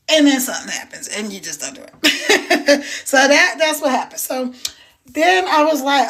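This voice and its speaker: A bright, high-voiced woman hosts a casual livestream from home, speaking into her phone. She chats freely and laughs often, welcoming viewers as she moves about the house. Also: animated, moderate pace, slight background noise. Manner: walking around while talking. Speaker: livestream host.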